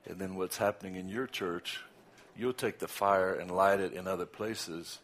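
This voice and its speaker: A deep, steady-toned older man with a Southern US accent chats informally as a guest preacher before the sermon begins. He laughs between asides, then swells loud and slow whenever he offers praise.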